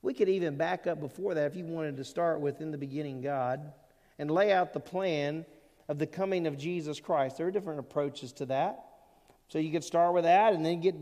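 Pastor, male, slightly high voice; earnest sermon, church reverb. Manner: earnest preaching with rising emphatic peaks and quiet asides. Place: church sanctuary. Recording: long reverb of a church hall.

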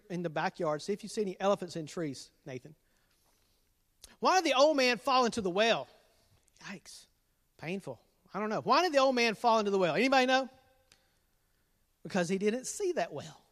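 Middle-aged youth pastor, jokey and teasing, high animated voice, long hall reverb. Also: male voice. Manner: jokey, teasing, laughs at his own jokes. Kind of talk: playful dad jokes to an online youth group.

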